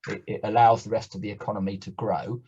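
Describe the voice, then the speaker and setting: A man from Britain speaking as a panelist on a webinar, measured and considered. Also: lowish voice, level tone, darkish tone, breathy edge. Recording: dull lo-fi webinar audio.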